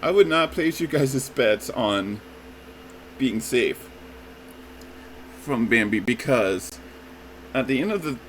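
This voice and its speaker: A man's voice: mid-range voice, expressive, takes it slowly, long pauses, fairly bright tone, a little hiss or hum, rough recording. A man giving a casual, rambling review of a movie trailer, often calling his listeners "folks" and restarting his sentences. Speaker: YouTube reviewer.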